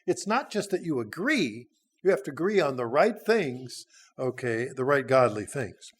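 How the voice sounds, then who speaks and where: A church speaker in his sixties gives a sermon, working through a Bible passage in a folksy, conversational manner with frequent hesitations. His medium-pitched voice is husky and sing-song, at a normal speed.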